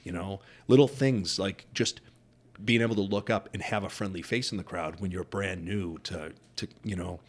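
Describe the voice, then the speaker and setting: A man's voice: low-pitched, normal speed. A middle-aged deaf man, a podcast guest who wears hearing aids, telling earnest stories in casual interview chat and acting out quoted dialogue.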